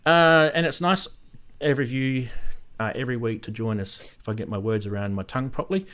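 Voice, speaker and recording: A man's voice: medium pitch, quick pace, a bit bright. A man with an Australian accent hosting a casual live stream, rambling and greeting viewers in the chat by name. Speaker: host of a synth live stream.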